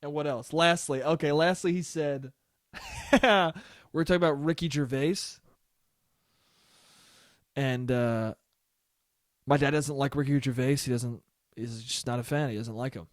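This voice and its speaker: A man's voice: medium pitch, steady tone, measured pace, long pauses, no room sound, clean studio sound. A young man hosting a solo podcast, telling rambling, profane stories about his family and acting out their lines. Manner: rambling, profane storytelling with quoted voices. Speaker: podcast host. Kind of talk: solo comedic podcast monologue.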